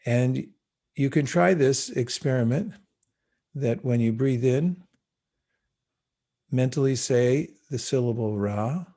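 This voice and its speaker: A man leading a guided meditation session over a video call, speaking in a calm, unhurried and gently instructive way. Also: mid-range voice. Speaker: meditation teacher.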